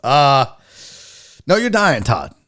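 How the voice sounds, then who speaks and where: A man hosting a sports talk livestream, a little drunk, joking loudly with his chat and swearing often. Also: medium pitch, wildly swooping pitch, takes it slowly. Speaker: sports talk show host.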